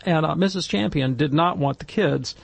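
A man's voice: on the high side, normal speed, vocal fry, slightly rough. A middle-aged man on a Catholic discussion panel, telling a story in a casual way and acting out the voices he quotes. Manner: animated, acts out quoted voices.

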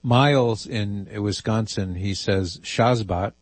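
A man hosts a call-in radio show, reading listener emails aloud and dropping amused asides. His voice sits low with a husky edge. The studio sound is dry and close. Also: takes it slowly, no echo. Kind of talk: casual call-in radio talk.

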